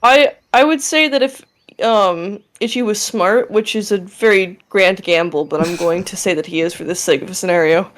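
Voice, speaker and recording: A woman's voice: medium pitch, moderate pace, slight background noise. A woman playing a tabletop game in casual chat, hedging and leaning heavily on fillers. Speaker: player.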